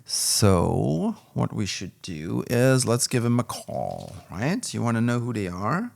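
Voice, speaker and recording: A man's voice: medium pitch, huge pitch swings, takes it slowly, creaky, hardly any pauses. A man casually reviewing an audio interface, candid and rambling, with plenty of fillers. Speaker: music gear reviewer.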